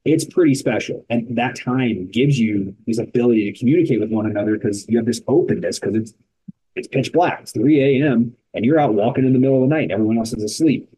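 A man's voice: mid-range voice, fast talker, breathy edge, poor audio. A man, founder of an endurance organization, talking as a guest in a casual podcast interview with emphatic, punchy storytelling. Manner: energetic, emphatic storytelling in short punchy sentences.

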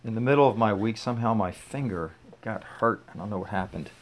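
A man with a lowish voice hosts his own podcast. He talks loosely and casually. He drifts between thoughts with fillers and restarts. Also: a little fast. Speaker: podcast host. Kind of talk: casual rambling chat.

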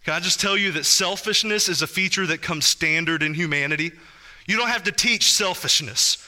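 Male pastor, thirties, high bright voice, animated conversational sermon. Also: a little fast. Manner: animated, conversational preaching with asides to the congregation.

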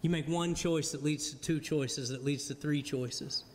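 A man's voice: a little high, fairly even intonation, measured pace, a little mellow. A man preaching a sermon to a congregation, conversational and joking with the room. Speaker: pastor. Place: church hall before a congregation. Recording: long hall reverb.

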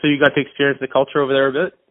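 Quick man asking questions over a phone line. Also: medium pitch, level tone, no room sound. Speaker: interviewer. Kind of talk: casual interview. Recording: tinny phone line, dry.

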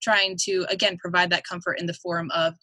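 A woman who is a radio music director, chatting in a casual podcast conversation, upbeat and quick to laugh. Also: on the low side, level tone, bright, forceful tone, dry recording.

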